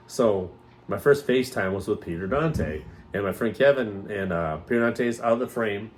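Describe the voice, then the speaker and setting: A man's voice: on the low side, animated, normal speed, slight background noise. A man co-hosting a podcast, telling stories in a rambling casual chat and mimicking other people's voices as he goes. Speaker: podcast co-host.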